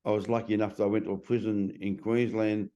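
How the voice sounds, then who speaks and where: A man's voice: on the low side, level tone, fast, dark tone, dull audio. A middle-aged man in a casual interview. He is a transformation coach who talks bluntly and swears freely.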